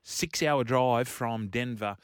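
Australian male radio co-host, animated storyteller, close dry studio mic. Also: medium pitch, takes it slowly, clean tone, no echo. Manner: animated storyteller, laughs often. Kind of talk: casual radio banter.

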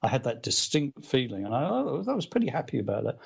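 A man's voice: mid-range voice, fast talker, creaky, husky, highs cut off. Chatty storytelling man. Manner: rambling and animated, with frequent fillers and restarts. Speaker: author guest. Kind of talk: storytelling in casual conversation.

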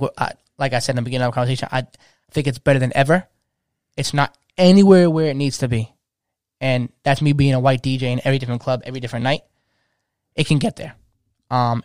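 A man's voice: mid-range voice, no room sound, clean studio sound. A man in his thirties, a DJ, talking passionately in casual slang and restarting his sentences often. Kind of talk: casual podcast chat.

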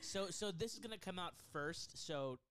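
Lively young woman chatting casually. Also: lowish voice. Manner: expressive, quick reactions, playful. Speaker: podcast co-host. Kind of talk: casual chat.

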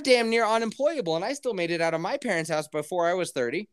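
A man's voice: very high-pitched, quick pace, few pauses, clean tone. A man hosting a podcast, telling a crude story in a casual, laughing way and acting out other people's lines. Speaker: podcast host.

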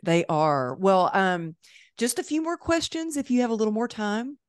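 A woman podcast host telling a story in a conversational interview, lively and acting out the voices she quotes. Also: mid-range voice, moderate pace, clear, resonant tone, no echo, studio quality.

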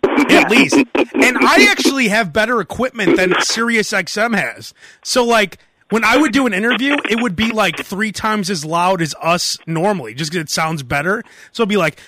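A man's voice: high voice, moderate pace, bright, forceful tone, a little hiss or hum. A man hosting a podcast in casual comedic chat, animatedly telling stories and acting out his own bits. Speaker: podcast host.

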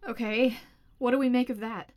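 An eager young woman, as an actress plays her, urging her team on. Her voice is notably high, and her quick, encouraging manner keeps things moving. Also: fairly even intonation, a little mellow, close to an everyday voice. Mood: urgent.

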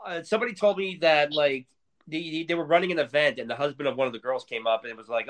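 A man's voice: fairly high pitch, fast talker, fairly bright tone. A man co-hosting a podcast, ranting angrily in casual, profanity-heavy talk. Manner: angry, heated, profanity-laced ranting. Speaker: podcast co-host.

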